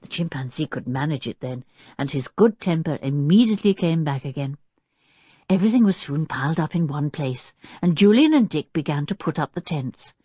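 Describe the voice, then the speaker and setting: A woman narrating a children's audiobook, telling the story clearly and expressively while doing the characters' voices. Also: low voice, warm tone, no echo, clean studio sound.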